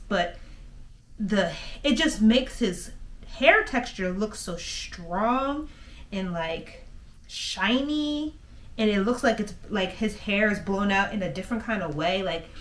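A woman with a medium-pitched, fairly bright voice talks casually to camera as she grooms her dog in a converted bus, addressing her viewers and the dog alike.

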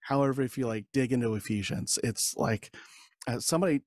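A man's voice: mid-range voice, fairly quick, no echo, clean studio sound. A man in his forties, a podcast guest, telling a story in casual interview talk and acting out quoted dialogue with frequent laughs. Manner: animated, acts out quoted dialogue, laughs often.

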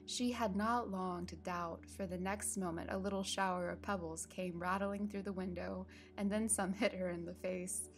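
A woman reads a classic storybook in a calm, measured voice with a touch of vocal fry. Her pitch sits in an ordinary middle range. Faint music runs underneath. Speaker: narrator. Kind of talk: storybook reading.

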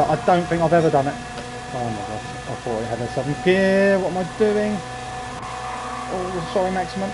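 Male streamer, high voice, excitable live commentary over loud game engine noise. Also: poor audio. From England. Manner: excitable, chatty, cries out at crashes. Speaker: sim racing streamer.

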